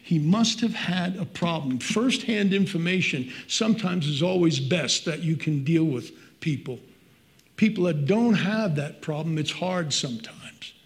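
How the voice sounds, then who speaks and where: A man's voice: a little high, measured pace. A middle-aged man preaching a sermon as pastor, earnest and conversational, reading scripture aloud between personal asides.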